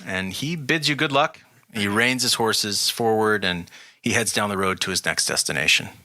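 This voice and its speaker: A man narrating a tabletop role-playing game as game master, setting scenes in a measured, descriptive way. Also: fairly low pitch, bright, forceful tone, dry recording.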